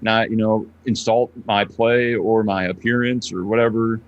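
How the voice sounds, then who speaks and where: A man guesting on a podcast as a poker streamer, relaxed and easygoing in casual interview chat, often saying "you know". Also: fairly low pitch, normal speed, dull audio.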